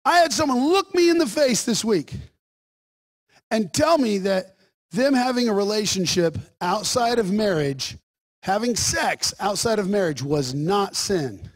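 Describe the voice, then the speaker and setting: Brief: male pastor, high tenor, jokey asides turning into forceful preaching. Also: expressive, unhurried. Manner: joking asides, then emphatic preaching. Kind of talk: sermon.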